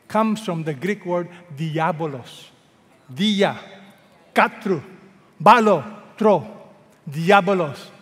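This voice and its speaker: Filipino man, middle-aged senior pastor, sermon, higher voice, long echo of a big hall. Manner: calls out questions for the congregation to answer; slows right down when quoting scripture.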